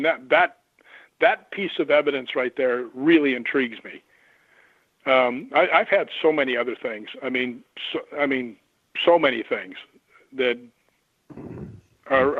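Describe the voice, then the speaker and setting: A man who investigates the paranormal, telling lively stories and acting out the voices of the people in them. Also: mid-range voice, moderate pace, dry recording. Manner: animated anecdotes, acts out quoted voices. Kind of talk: storytelling on a radio call-in. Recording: tinny phone line.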